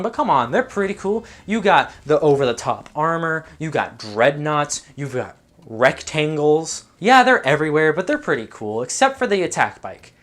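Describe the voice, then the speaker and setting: A man's voice: fairly high pitch, a bit bright. A young man giving comedic, sarcastic commentary while ranking game factions as a YouTuber. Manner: jokey, sarcastic, quick asides.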